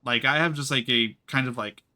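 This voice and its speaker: A man's voice: medium pitch, fairly quick, bright, forceful tone. Chatty American man with a slight twang. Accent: American with a slight rural twang. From United States. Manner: rambling, chatty, full of "like". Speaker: streamer. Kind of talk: casual gaming commentary.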